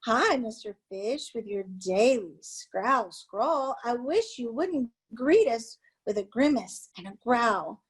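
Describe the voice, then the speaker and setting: A gentle, drifting male jellyfish from a children's storybook, mildly chiding, as a woman reading aloud plays him. The voice is slightly high and unhurried. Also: expressive, slightly rough, heavily acted, poor audio.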